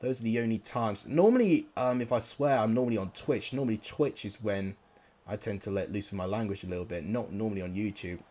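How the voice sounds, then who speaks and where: A man's voice: fairly low pitch, fairly quick, warm tone. A young man commentating live on his football game, frustrated and exclamatory, cursing at his players. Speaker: gaming YouTuber.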